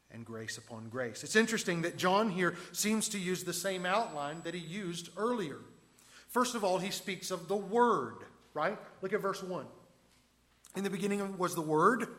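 A man preaching a verse-by-verse sermon in a conversational way, asking the listeners questions and swinging between loud emphasis and quiet asides. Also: high voice. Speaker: pastor. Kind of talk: expository sermon.

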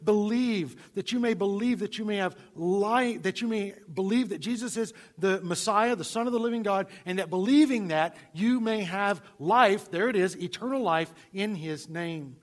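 A male pastor preaching a sermon, swinging from loud emphasis to hushed, near-whispered lines. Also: high-pitched, normal speed, few pauses.

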